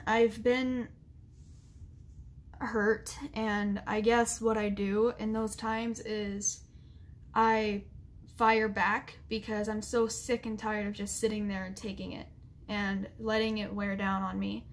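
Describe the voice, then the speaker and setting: A young woman vlogger talking straight to camera, halting and full of fillers as she fights back tears. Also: medium pitch. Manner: halting, with many fillers and restarts. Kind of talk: emotional apology vlog.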